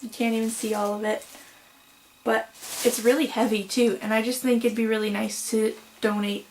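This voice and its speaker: A young woman with a slightly high voice talks casually to her camera at home about yarn and crochet. She is chatty and a little apologetic, filling pauses with "um" and "so". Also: flat delivery, darkish tone, a little hiss or hum, low-quality recording. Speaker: crochet vlogger. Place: home room.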